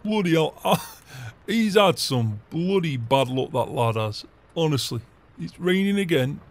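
A beer-loving farmer, voiced by a man, talks in gruff, chuckling game roleplay banter. He swears freely, and his voice sits a little high for a man. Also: lively intonation, measured pace. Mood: jovial. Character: jovial beer-loving older male farmer.

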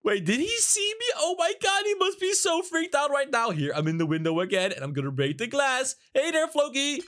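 A man's voice: very high voice, big pitch swings, brisk, bright, forceful tone. A man hosting a gaming video, giving gleeful, giggly commentary while he plays a prank. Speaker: gaming channel host. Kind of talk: excited gameplay commentary.

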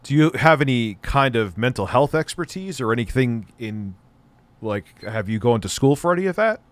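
A man's voice: medium pitch, expressive, moderate pace, no room sound. A man co-hosting a stream, skeptical and questioning in casual chat. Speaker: stream co-host.

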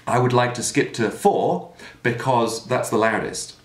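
A man's voice: mid-range voice, unhurried. A man explaining singing technique in an explanatory manner, now and then demonstrating sounds. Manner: explanatory, with sung and shouted demonstrations. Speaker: singing teacher. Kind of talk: vocal technique lesson. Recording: echoey room.

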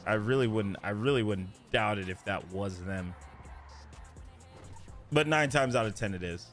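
A male game streamer chatting excitably with his viewers during a live roleplay stream, swearing freely. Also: on the low side, normal speed, faint music behind.

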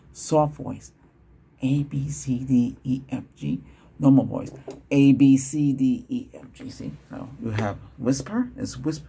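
Gravelly man in whispered role-play. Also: medium pitch, slight background noise. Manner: chatty, rambling, laughs often, shifts between whisper, soft and normal voice. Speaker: ASMR doctor role-play host.

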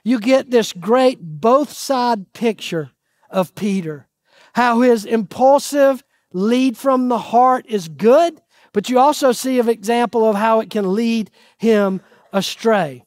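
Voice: mid-range voice, takes it slowly, a little mellow, dry recording, studio quality. Earnest pastor quizzing the congregation. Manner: asks the audience questions and answers them; earnest, pleading emphasis. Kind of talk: sermon.

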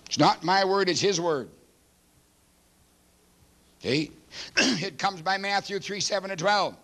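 A man in his seventies, a pastor preaching a sermon emphatically and clearing his throat often. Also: high-pitched, takes it slowly, fairly bright tone. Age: 70s.

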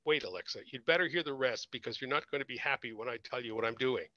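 A man voicing a resigned male politician who flatly delivers bad news. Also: medium pitch, fast talker, no room sound, lo-fi sound, natural voice. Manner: flat, subdued delivery.

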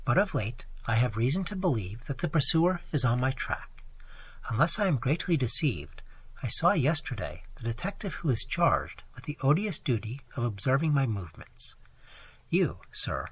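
A man with a hoarse voice voicing a scheming genteel young woman who feigns distress, speaking softly and confidingly. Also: mid-range voice, big pitch swings, normal speed, no echo.

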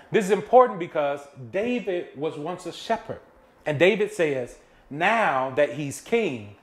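A man's voice: fairly high pitch, lively intonation, unhurried. A man serving as executive pastor, giving a casual, conversational Bible study to a youth group. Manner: casual, conversational preaching to teens. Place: church room with a screen behind him. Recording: echoey room.

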